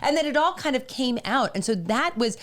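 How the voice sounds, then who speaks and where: A woman's voice: sits high, fairly quick. A woman in her fifties co-hosting a podcast, telling personal stories candidly and acting out what was said. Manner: candid, animated storytelling with quoted speech. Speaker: podcast co-host. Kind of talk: casual conversation.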